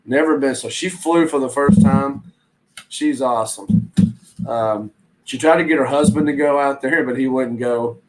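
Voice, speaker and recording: A man's voice: mid-range voice, moderate pace, slight background noise, poor audio. A man hosting a reselling channel, chatting casually and rambling while he reads viewer comments aloud. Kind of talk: casual live-stream chat.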